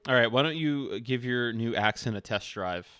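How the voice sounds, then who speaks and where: Man game master, smooth voice, halting, amused, fillers. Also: mid-range voice, pushed and bright. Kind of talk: casual improvised narration.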